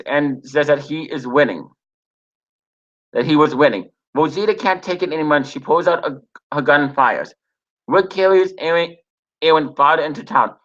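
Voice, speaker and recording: A man reading out a TV episode recap and then giving his own casual review, in a halting way with frequent restarts and pauses. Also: fairly high pitch, a bit bright. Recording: dull lo-fi recording.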